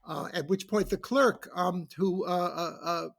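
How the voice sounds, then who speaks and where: A man arguing as a guest prosecutor in a casual podcast debate, halting and restarting with many fillers as he lectures like a professor. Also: high-pitched, steady tone, vocal fry. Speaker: guest prosecutor in a mock trial.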